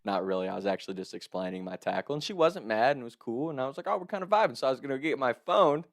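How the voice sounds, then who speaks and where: A young man in his twenties casually telling a funny story to camera, animated, laughing and swearing often. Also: medium pitch, quick pace, faint music behind. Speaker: content creator telling a story.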